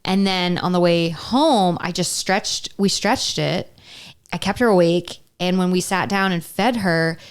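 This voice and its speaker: A woman's voice: fairly low pitch, a little slow, clear, resonant tone. A woman co-hosting a casual podcast, talking animatedly, going into mock-indignant rants and laughing often. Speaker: podcast co-host. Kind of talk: casual chat.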